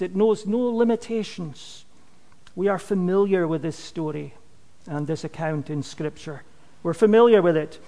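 A high-pitched male preacher speaks with conviction and emphasis in a space that sounds large. His loudness falls away whenever he reaches the end of a phrase.

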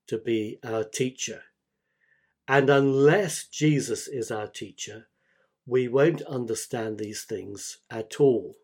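A man preaching a sermon as pastor, speaking deliberately and repeating key phrases for emphasis. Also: mid-range voice, warm tone.

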